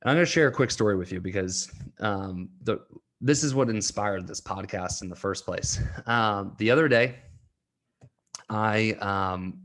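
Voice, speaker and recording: A man's voice: fairly low pitch, measured pace, fairly bright tone. A young man hosting a solo podcast, talking earnestly and getting emotional, laughing through tears at times. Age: young adult. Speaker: podcast host and coach.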